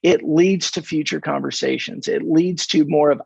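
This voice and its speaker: A man's voice: fairly high pitch, normal speed, gravelly, slightly rough, no room sound. An American man from California in his fifties, a podcast guest telling stories in a casual interview and acting out the dialogue with energy. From California, USA. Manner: animated storyteller who acts out dialogue. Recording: dull, dry remote podcast audio.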